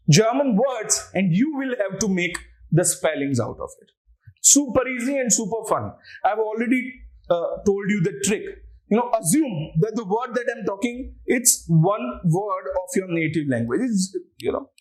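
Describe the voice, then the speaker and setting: A man's voice: sits high, lively intonation, moderate pace. A man with an Indian English accent, teaching an online language lecture and patiently spelling words out letter by letter.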